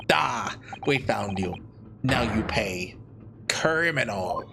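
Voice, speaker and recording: A man reading a gruff, accusing sailor's lines in a put-on mock-Russian accent. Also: on the low side, expressive, slow, background noise, pitched below the performer's own voice, heavily acted.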